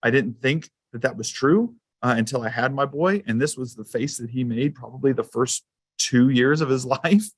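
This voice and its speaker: A man's voice: mid-range voice, moderate pace, breathy edge, no room sound. A man giving a school safety presentation to a council, telling personal anecdotes in a loose, conversational way with frequent fillers.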